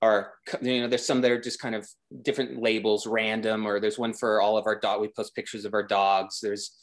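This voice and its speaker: A man's voice: fairly low pitch, flat delivery, brisk. A man talking as a guest designer in a casual interview, rambling with many restarts and growing enthusiastic.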